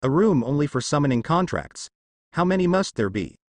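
Narrating a fan fiction story, a man keeps a steady storytelling rhythm that runs fairly quick. His pitch is lively and animated, and the recording sounds dry and close, with no echo from the room.

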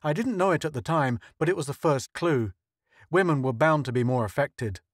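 An earnest, thoughtful scientist who explains at length in a slightly high voice, as a male narrator plays him. The sound is dry and close. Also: normal speed, no echo, natural voice.

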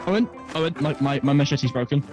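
A man's voice: fairly high pitch, quick pace. A man playing a co-op game with a friend, panicky and chattering, fussing over an in-game dog. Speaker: co-op gaming partner. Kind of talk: casual co-op gaming banter. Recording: game music behind.

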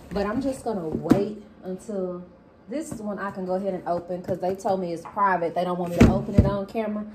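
A woman's voice: mid-range voice, heavy background noise. A woman, chatting casually and expressively to her viewers in a vlog. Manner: animated, chatty and expressive, talks straight to viewers. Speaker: vlogger. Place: in a car.

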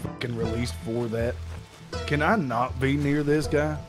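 A man's voice: medium pitch, fairly even intonation, unhurried. Fed-up sarcastic guy in a game rp, swears, music going behind. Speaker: roleplay player acting a fellow captive. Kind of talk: game roleplay.

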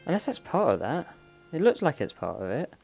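A man's voice: fairly high pitch, huge pitch swings, brisk, vocal fry, a little mellow, faint music behind. A man giving casual commentary while playing a video game. He puzzles aloud and jokes to himself. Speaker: gaming streamer.

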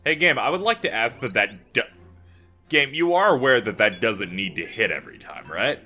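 Bright and forceful, with a sing-song lilt, this man's mid-range voice moves at a normal pace as he commentates his playthrough for YouTube. He's exasperated, cursing and venting, while quiet game music runs in the background.

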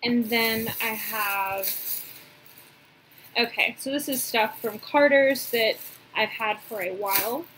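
A young woman, casually chatting through a shopping haul, gushing and filling pauses with "um". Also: fairly high pitch, bright, forceful tone, slight background noise, low-quality recording. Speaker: reborn doll collector showing a haul.

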